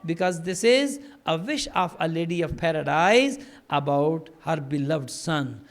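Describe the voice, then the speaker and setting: A maulana preaches an impassioned sermon at a mourning gathering, telling stories and building toward fervent, grief-laden emphasis. His voice is fairly high with lively intonation, and his pace is a little slow.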